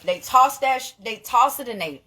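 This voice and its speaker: A young woman, talking straight to camera in a casual vlog, blunt and animated, swearing freely and laughing often. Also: a little high, moderate pace, a little hiss or hum. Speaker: vlogger.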